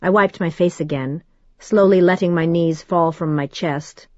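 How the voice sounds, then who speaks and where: A woman reading a first-person audiobook in a measured, steady storytelling manner. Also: fairly low pitch, no echo, muffled recording. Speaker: audiobook narrator.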